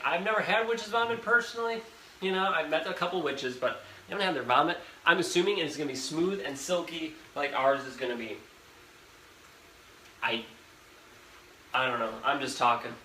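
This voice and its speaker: A young man chats his way through a live cooking stream, rambling and talking right to the viewers in a voice a little higher than most men's. He is recorded in an echoey home kitchen, with a fan humming clearly behind him. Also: pushed and bright. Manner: chatty, rambling, talks straight to viewers. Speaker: host of a live cooking show. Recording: echoey kitchen with background noise. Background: fan noise.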